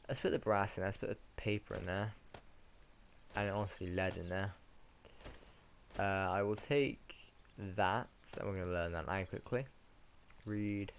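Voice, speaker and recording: A man's voice: lowish voice, a little hiss or hum. A man with a British accent giving casual let's-play commentary, rambling and correcting himself as he goes. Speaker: gaming commentator.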